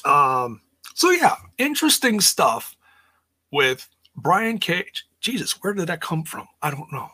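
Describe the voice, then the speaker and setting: A man hosts a casual podcast with a husky, bright voice that sits a little high for a man. His delivery is lively and swoops up and down. He talks in a rambling, blunt way and swears without holding back. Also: takes it slowly. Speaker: podcast host. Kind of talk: casual wrestling recap.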